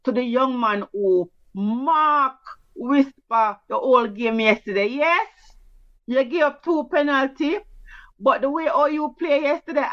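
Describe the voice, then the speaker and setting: A Jamaican woman rattles through results in brisk, teasing sports chat. Her voice sits a little high. The sound is dry and a bit muffled, like a lo-fi recording. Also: dry recording. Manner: brisk, teasing, patois-flavoured. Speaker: sports show co-host. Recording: dull lo-fi sound.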